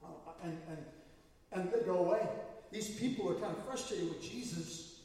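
High-voiced male pastor in an echoey hall. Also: moderate pace, dark tone. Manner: conversational, storytelling preacher. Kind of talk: sermon. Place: church sanctuary. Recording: echoey hall, mic far off.

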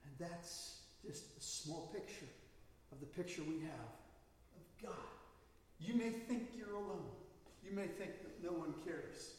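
A man preaching a sermon, stressing key words and drawing them out slowly. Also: on the high side, a little mellow, a little hiss or hum. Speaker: pastor. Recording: echoey hall, mic at a distance.

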